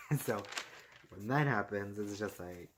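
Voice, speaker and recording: Man, low-ish voice, loose chatty recap vlogger, filler-heavy, laughs a lot. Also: slow pace, a bit bright, slight background noise. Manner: rambling, heavy filler "like" and "and stuff like this"; laughs often while talking. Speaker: TV episode recapper. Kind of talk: casual recap vlog.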